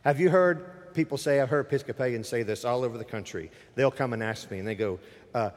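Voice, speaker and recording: A man's voice: mid-range voice, fairly quick, big-room sound. Emphatic male pastor preaching in a church. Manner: emphatic, conversational preaching with direct appeals. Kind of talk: sermon. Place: church sanctuary. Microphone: microphone.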